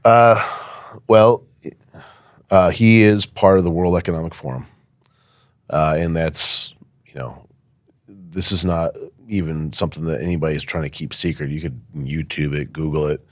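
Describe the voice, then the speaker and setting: A man's voice: extremely low pitch, steady tone, moderate pace, no room sound, clean studio sound. A man speaking as a guest in a podcast interview, emphatic and insistent, with frequent fillers. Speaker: guest, firearms safety academy owner.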